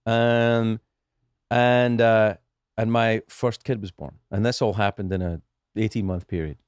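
A man's voice: fairly low pitch, measured pace, smooth, no room sound, studio quality. A middle-aged Scottish man telling stories in a casual podcast chat, profane and restarting his sentences often. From Scotland. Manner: animated storytelling, profane, frequent restarts. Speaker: guest comedian.

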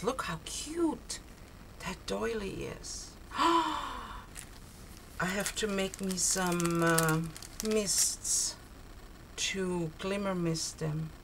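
A woman's voice: mid-range voice, expressive, very slow, slight background noise, rough recording. An older woman opening a craft swap package on her video blog, gushing and exclaiming over each tiny item. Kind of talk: casual unboxing chat. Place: cold home, heater on.

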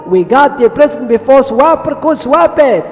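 A man's voice: very high voice, animated, normal speed, darkish tone. A man voicing a cheerful little girl explorer in an upbeat, eager way. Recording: echoey room with faint music.

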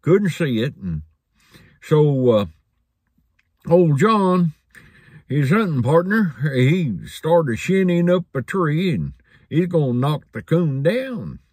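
A man's voice: fairly high pitch, sing-song, takes it slowly, darkish tone, breathy edge, no room sound, clean studio sound. A man preaching a sermon in a folksy storytelling manner, chuckling along.

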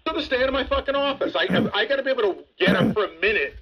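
A man's voice: extremely high pitch, lively intonation, rapid-fire, dull audio, over a noisy crowd. A man, a radio show producer, defensive and swearing, tripping over his words in a studio argument.

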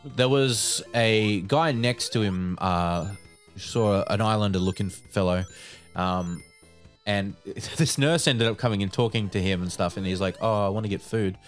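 A man's voice: fairly low pitch, measured pace, soft background music. A man co-hosting a podcast, telling a long casual story full of "like" fillers. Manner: rambling, many "like" fillers. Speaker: podcast co-host.

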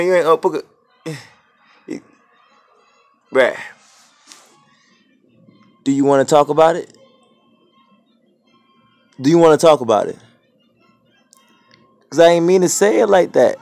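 A man's voice: a little high, expressive, measured pace, vocal fry, pauses often, darkish tone, soft background music. A man at home filming on his phone, pleading in a mock-sincere, slangy way as he apologizes to his pet. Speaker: vlogger talking to his pet.

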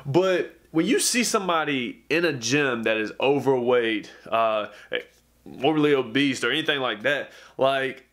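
A man, a fitness vlogger, telling a story straight to camera in a heated, profane rant that keeps circling back with "bruh.". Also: measured pace. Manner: acts out others' lines in a higher, lively voice.

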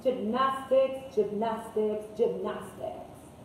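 A woman teaching English to children, speaking slowly in a sing-song way and repeating each word. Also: mid-range voice, distant mic. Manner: slow, sing-song, repeats words and translates into Spanish. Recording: echoey room with faint hiss.

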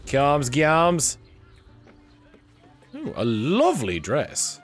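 A man's voice: a little high, wildly swooping pitch, very slow, soft background music. A man giving wry live commentary while playing a video game and reading in-game text aloud. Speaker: game streamer.

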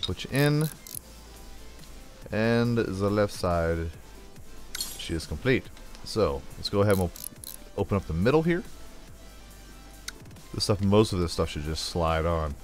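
A man's voice: deep voice, sing-song, measured pace, long pauses, soft background music. A young man hosting a gameplay video, telling rambling jokey stories into a desk mic while he plays, with little sound effects. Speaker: let's play host. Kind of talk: casual gameplay chat. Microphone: desk microphone.

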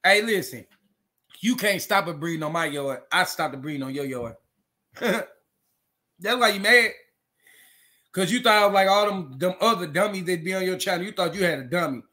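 A man's voice: high voice, lively intonation, moderate pace, pauses often, bright, forceful tone. A man who breeds dogs, ranting to camera in a confrontational way, repeating and restarting his words. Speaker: dog breeder. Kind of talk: heated rant to camera.

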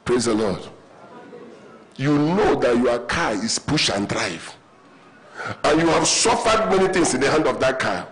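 A man's voice: medium pitch, animated, normal speed, low-quality recording. A man preaching a sermon in a church auditorium, telling humorous stories and calling the congregation to respond. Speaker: pastor.

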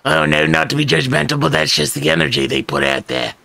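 Gravelly man reading game narration. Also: on the high side, steady tone, brisk, sharp tone, no echo. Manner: wry, theatrical narration with joking asides. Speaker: let's play host. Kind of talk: reading a game's narration aloud.

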